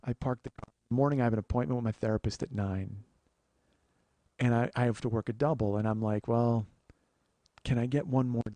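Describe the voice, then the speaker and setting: A man hosting a comedy podcast, telling an exasperated, profane story that swings from low muttering to loud outbursts. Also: dry recording. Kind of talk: storytelling monologue.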